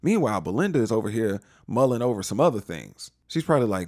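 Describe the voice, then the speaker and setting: A man recaps a TV episode in a low voice that swings lively up and down. He retells the scenes casually and drops in slangy asides. The sound is dry and close. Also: fast, no room sound. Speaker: TV recap host.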